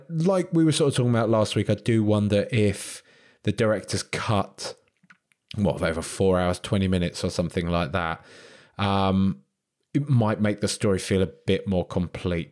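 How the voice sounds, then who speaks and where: A man's voice: on the low side, darkish tone. Hesitant man reviewing films. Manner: hesitant, repeats words, restarts. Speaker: podcast co-host. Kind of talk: casual film review chat.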